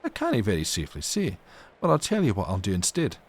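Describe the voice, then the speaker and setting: Brief: man doing a wily rogue, storybook reading, booming, feigns anger. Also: huge pitch swings, fast. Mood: scheming. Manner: gruff, loud, feigned fury. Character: fierce wily Scottish Highland outlaw man. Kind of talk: audiobook character voice.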